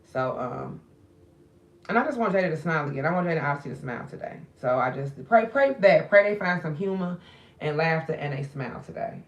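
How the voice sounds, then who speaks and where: Low-voiced grieving woman chatting on a livestream. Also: animated, a little fast. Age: middle-aged. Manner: loose, chatty, talking to viewers directly. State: grieving, subdued. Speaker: spiritual reader streaming live. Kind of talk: casual livestream chat.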